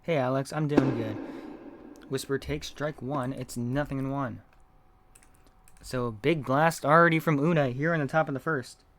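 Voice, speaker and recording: A man doing live play-by-play commentary of a game, reading chat messages between pitches, his voice not feeling well. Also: fairly even intonation, moderate pace, a little hiss or hum. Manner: reads chat messages between calls, gets loud on big hits.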